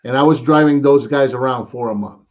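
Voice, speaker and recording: An American co-host chats casually on a live stream about toy collecting, rambling and saying "man" a lot. His voice is mid-range and a little fast, and the audio has its highs cut off.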